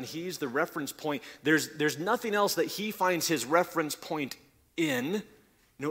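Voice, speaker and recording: A man delivers a sermon with a bright, forceful tone. He explains scripture as a teacher would and often repeats words as he restarts a thought. His voice grows louder when he quotes verses. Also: fairly high pitch. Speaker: pastor.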